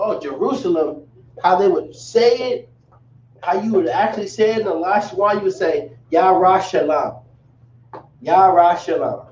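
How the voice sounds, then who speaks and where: A man's voice: sits high, darkish tone, echoey room, dull audio, slight background noise. A man teaching a language class in a casual, repetitive way, calling his students y'all, recorded from a distant mic in a room.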